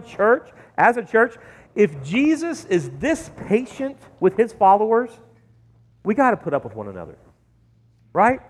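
A male pastor preaching a sermon in a church, talking in an animated way with sudden jumps in pitch and loudness. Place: church sanctuary. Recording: long hall reverb.

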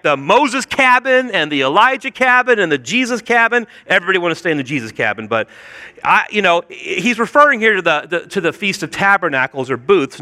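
A man preaching a sermon, telling the story with playful, animated asides. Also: high voice, in a large hall. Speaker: pastor.

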